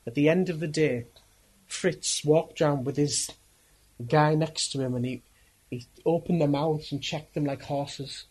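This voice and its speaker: Husky preacher telling a story. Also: male voice, on the high side, darkish tone, rough recording. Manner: earnest, emphatic, halting. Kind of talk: dramatic storytelling sermon.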